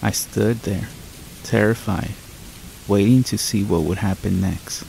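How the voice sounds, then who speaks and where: Gravelly low-voiced man narrating horror. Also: slight background noise, rough recording. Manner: calm, measured storytelling. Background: rain sounds.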